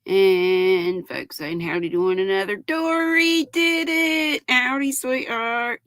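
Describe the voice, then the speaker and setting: An older woman, hosting a casual livestream, reading out viewers' comments and greeting them warmly as honey and sweetheart, her voice cracking now and then. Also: a little high, steady tone, slow, few pauses, dry recording. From North Carolina. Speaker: livestream host.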